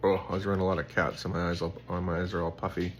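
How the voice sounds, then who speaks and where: A man's voice: low-pitched, level tone, quick pace, slight background noise. A young man hosting a casual Bible devotional, telling stories in a rambling way full of "like" and fillers. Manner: rambling, filler-heavy storytelling with lots of "like".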